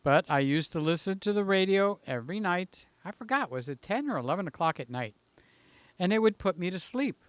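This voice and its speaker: A man's voice: high voice, animated, a little fast, smooth, no echo. A man in his late sixties hosting a live stream, chatting casually and greeting viewers by name in a rambling way. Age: 60s. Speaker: livestream host.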